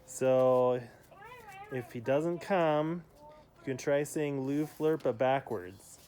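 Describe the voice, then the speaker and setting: A man's voice: medium pitch, slow, warm tone. A man outdoors reading homework instructions aloud and coaxing a child, stumbling over his words now and then. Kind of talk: playful family vlog. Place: outdoors by home.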